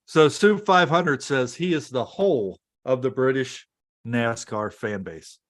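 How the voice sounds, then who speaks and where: An American man co-hosts a racing podcast, casually reading viewer comments from the chat and laughing easily. His voice is medium-pitched and measured, captured in clean studio sound with no room sound.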